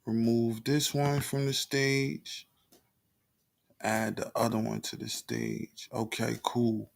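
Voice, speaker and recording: A man hosting a reaction video, commenting in a mocking, animated, slang-heavy way. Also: mid-range voice, takes it slowly, creaky.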